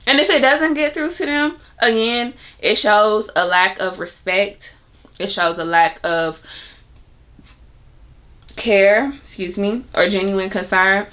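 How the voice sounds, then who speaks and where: A woman's voice: mid-range voice, slow, a bit bright. A young adult woman talking straight to her viewers in a casual, chatty advice monologue, full of fillers and asides. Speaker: vlogger giving self-help advice.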